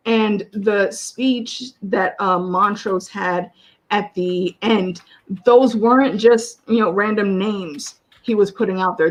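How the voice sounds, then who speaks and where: A woman hosting a casual show chat, talking in animated, quick bursts with laughter. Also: mid-range voice. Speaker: host.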